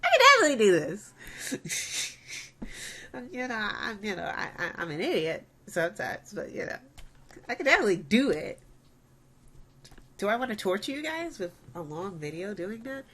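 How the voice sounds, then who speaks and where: A woman hosting her own gaming video, giving casual, excitable commentary as she plays, laughing often and talking to herself. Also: mid-range voice, normal speed, long pauses. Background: game music.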